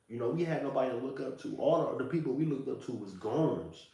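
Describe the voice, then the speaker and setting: A man's voice: medium pitch, animated, fast talker, creaky, hardly any pauses, warm tone. Man talking slangy through heavy room echo. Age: 30s. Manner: loose street slang, repeats "you know what I'm saying". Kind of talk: reflective monologue. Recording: distant mic in a very echoey room.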